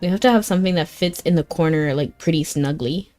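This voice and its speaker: A woman's voice: deep voice, quick pace, mellow, faint music behind. A young woman chatting casually while she streams a fantasy game. She keeps filling her sentences with "like" and reacts openly to the story as it unfolds. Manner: chatty, peppers speech with "like", reacts emotionally to the story.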